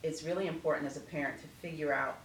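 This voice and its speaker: A middle-aged woman speaking as an interview guest, an animated storyteller who acts out family conversations. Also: low-pitched, quick pace. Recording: echoey room, distant from mic, faint noise.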